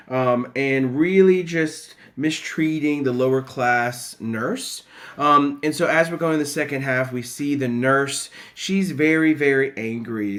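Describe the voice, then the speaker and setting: Male teacher, recorded lesson, relaxed chatty delivery with frequent ums. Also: medium pitch. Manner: casual, many fillers, reads quotes aloud.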